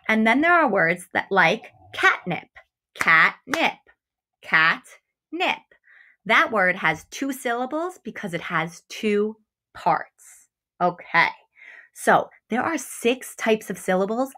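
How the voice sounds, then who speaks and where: Bright-voiced woman teaching first graders. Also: medium pitch. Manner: slow, exaggerated enunciation of example words; encouraging, talks directly to young students. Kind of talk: remote phonics lesson for children.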